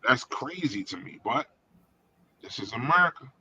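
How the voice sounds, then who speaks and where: Bright-voiced man ranting, swearing. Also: medium pitch, sing-song, moderate pace, highs cut off, a little hiss or hum. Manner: emphatic, profane, opinionated. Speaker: podcast co-host. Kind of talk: casual chat.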